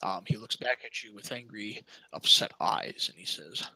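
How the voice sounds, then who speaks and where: A man narrating a tabletop game as game master, descriptive and halting, with many fillers. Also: on the low side, bright, forceful tone, breathy edge, rough recording.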